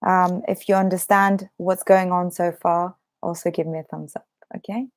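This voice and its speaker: A woman's voice: fairly low pitch, level tone, normal speed. A woman with an American accent teaching an online English lesson, talking straight to the viewer in a chatty way. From Britain.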